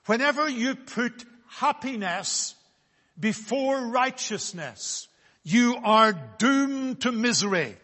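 A man preaching a sermon, speaking slowly and deliberately with solemn emphasis on key words. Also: very high voice, lively intonation, bright, forceful tone, big-room sound.

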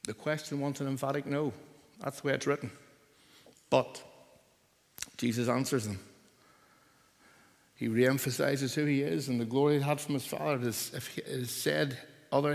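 Older preacher in a reverberant hall. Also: male voice, mid-range voice, fairly even intonation, normal speed, vocal fry, long pauses. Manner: earnest, building to loud forceful emphasis. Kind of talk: sermon.

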